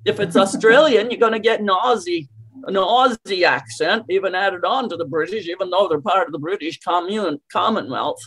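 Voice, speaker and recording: A woman's voice: mid-range voice, normal speed, fairly bright tone, slightly rough. Emphatic coaching woman. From Canada. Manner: emphatic, coaching, rhetorical questions. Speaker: English coach. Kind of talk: interview answers, teaching.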